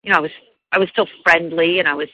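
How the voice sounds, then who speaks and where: A woman's voice: lowish voice, steady tone, fast talker, bright, forceful tone, no echo. A woman, a life coach, earnestly telling a personal story in an interview, with many fillers and restarts. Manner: earnest, many fillers and restarts, mimics voices when quoting. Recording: dull lo-fi radio sound, dry.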